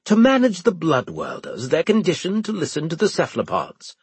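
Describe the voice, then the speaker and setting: Snappy male officer, higher voice, husky, orders clipped and sharp, reader voicing him. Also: huge pitch swings, fairly quick, dry recording, full character voice. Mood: snappish.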